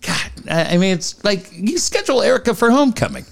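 A middle-aged man co-hosts a podcast, needling his partner and breaking into exclamations. His voice runs a little high and swings widely in pitch. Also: big pitch swings, brisk, creaky. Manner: teasing, exclamatory. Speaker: podcast co-host. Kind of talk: casual chat.

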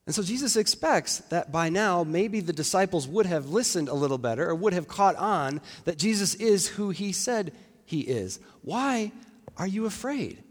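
Conversational preacher in a reverberant church. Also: male voice, high voice, expressive, moderate pace. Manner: conversational, reflective, with fillers and restarts. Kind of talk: sermon.

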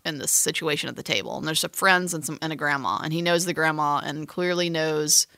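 Bright, teasing woman chatting. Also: low voice, fairly quick, gravelly, no echo, studio quality. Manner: chatty, teasing, rambling with restarts. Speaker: podcast co-host describing a film. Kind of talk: casual chat.

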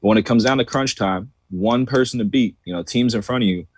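A man co-hosting a sports podcast, rambling in a relaxed way and stopping often to say "you know". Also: mid-range voice, fairly quick, dry recording. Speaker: podcast co-host. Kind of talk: casual sports debate chat.

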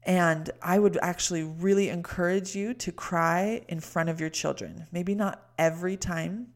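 A woman talking alone as a life coach, explaining ideas calmly and addressing the listener directly. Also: on the low side, normal speed. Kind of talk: solo podcast teaching.

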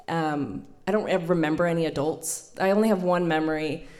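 A woman in her thirties hosting a live storytelling night, telling a personal story to an audience in a chatty way, laughing often and filling pauses. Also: sits low, darkish tone. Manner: chatty, laughing, many fillers. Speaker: storytelling event host and storyteller.

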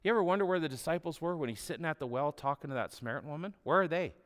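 A man's voice: on the high side, animated, very fast, a bit bright, in a large hall. A man preaching a sermon in a conversational, humorous storytelling way. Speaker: pastor.

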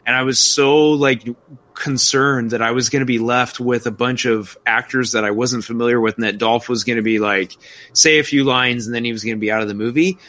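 An enthusiastic man chatting about a film, tossing in quick asides as he talks. His voice is bright and forward, at an average pitch. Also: steady tone. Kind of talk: casual film review chat.

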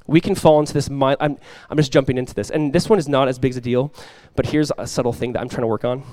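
A man's voice: mid-range voice, fairly even intonation, quick pace, mellow, no echo. A young adult male pastor giving a conversational sermon, joking and acting out little quotes.

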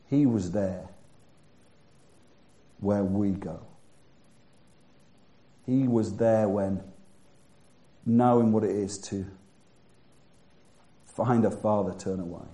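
A man preaching a sermon who moves from loud, emphatic bursts to hushed, quiet passages. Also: lowish voice, takes it slowly, pauses often, reverberant.

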